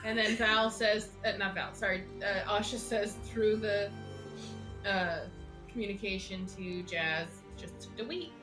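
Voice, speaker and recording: A woman's voice: medium pitch, fairly even intonation, unhurried, over music, rough recording. A woman playing a tabletop role-playing game, making dry, wry remarks. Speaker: player.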